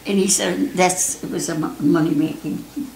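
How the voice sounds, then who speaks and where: An older woman telling a personal story, lively and often laughing, with many restarts. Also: lowish voice, moderate pace, vocal fry, slight background noise. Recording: roomy echo, faint ambience.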